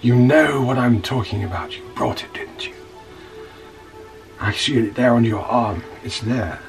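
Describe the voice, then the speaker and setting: A man puts on a paranoid British oddball who confides in an empty chair, his voice a slow, breathy whisper. He sounds set back from the mic. Faint music plays underneath. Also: mid-range voice, recorded from a distance, lightly acted. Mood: secretive.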